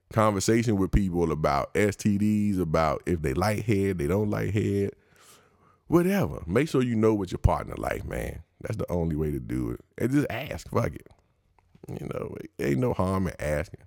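Low raspy-edged dude doing his podcast bit, cussing and cracking himself up, dry sound. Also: a little mellow, no echo. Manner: slangy, profane, laughing at his own riffs. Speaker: podcast host. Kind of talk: casual comedic monologue.

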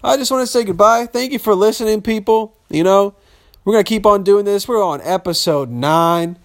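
A man's voice: sits high, normal speed. A young man hosting a casual solo podcast, rambling and swearing freely in slangy talk. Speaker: podcast host.

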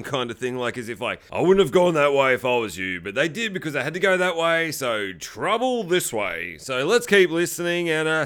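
A man's voice: fairly high pitch, a bit bright, smooth. Sweary man reviewing a film. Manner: swears a lot, acts out characters' lines. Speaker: movie reviewer. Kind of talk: casual movie commentary.

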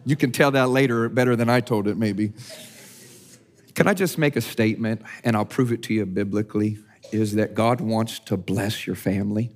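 A male pastor with a lowish voice preaches in a relaxed, conversational way. He often restarts and repeats words as he talks. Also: normal speed. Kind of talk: sermon.

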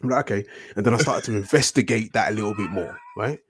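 A man's voice: on the low side, quick pace, a little hiss or hum. A young man, telling a long casual story as a podcast guest, full of slang, swearing and restarts. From United Kingdom. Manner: rambling, profane, slangy, with many self-corrections.

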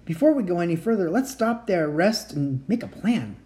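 A home reader voicing a nervous but careful young boy in a storybook reading, with a raised, strained pitch. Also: big pitch swings, moderate pace, warm tone, natural voice. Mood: urgent.

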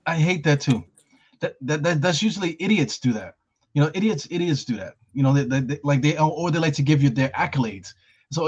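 A man hosting a casual sports chat show, animated and swearing freely, often repeating his words. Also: a little high, brisk, husky, muffled recording. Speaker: podcast host.

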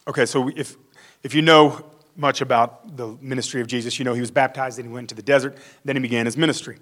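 A man's voice: mid-range voice, fairly even intonation, quick pace, fairly bright tone. A male pastor giving a conversational sermon, acting out the quotes he reads.

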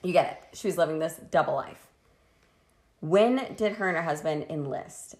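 A woman from Washington state, US co-hosts a casual podcast chat, telling a history story crudely and jokingly, laughing often and a bit tipsy from wine. Her voice is low-pitched and darkish at a moderate pace, with a reverberant sound.

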